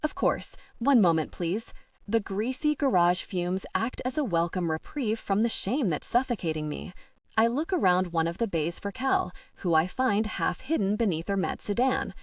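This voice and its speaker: Audiobook narrator, woman, mid pitch, first-person storytelling, dry close-miked studio. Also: expressive, moderate pace, dry recording, distant mic.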